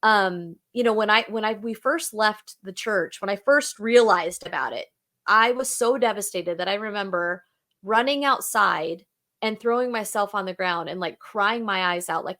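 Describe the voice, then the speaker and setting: A woman's voice: medium pitch, normal speed, vocal fry, pushed and bright. Earnest middle-aged woman, chatty. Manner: earnest, fills with "like" and "you know". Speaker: podcast co-host sharing her story. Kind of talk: heartfelt casual chat.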